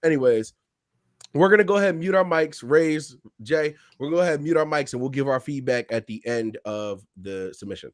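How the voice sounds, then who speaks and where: A man's voice: on the high side, expressive, fairly quick, dry recording, clean studio sound. A man hosting a music review livestream, talking in casual slang and laughing often.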